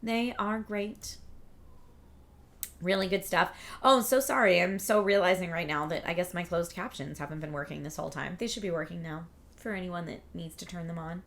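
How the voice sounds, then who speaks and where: Chatty low-pitched woman streamer, bright tone. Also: fairly even intonation, fairly quick. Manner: chatty, upbeat, rambling with fillers and restarts. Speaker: livestream host. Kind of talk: casual chat reading viewer comments.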